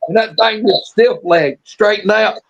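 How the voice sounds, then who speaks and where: In no hurry, a man with a high voice and vocal fry drawls out a folksy yarn as a live-show storyteller, restarting sentences along the way. It's casual storytelling, with muffled, lo-fi stream audio.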